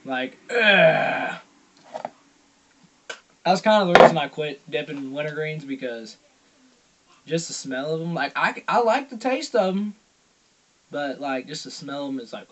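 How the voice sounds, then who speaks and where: A young man telling a rambling story in a casual vlog, swearing constantly and acting out loud quotes. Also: fairly high pitch, expressive, normal speed, a little hiss or hum. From Georgia, US. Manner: profane, rambling, heavy swearing. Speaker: vlogger.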